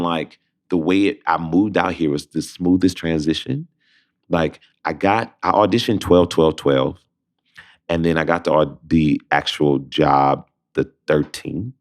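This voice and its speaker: A young adult man from Detroit, a Broadway actor with a deep bass voice, telling a lively story as a guest and acting out both sides of the phone calls he describes. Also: slow. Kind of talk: animated storytelling in conversation.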